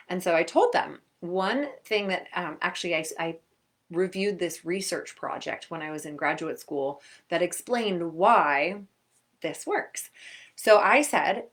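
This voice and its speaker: A young adult woman, a sports performance coach, giving upbeat, chatty advice to young athletes and acting out quick quotes. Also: lowish voice. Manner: energetic, chatty, acts out quotes. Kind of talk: upbeat coaching talk to camera.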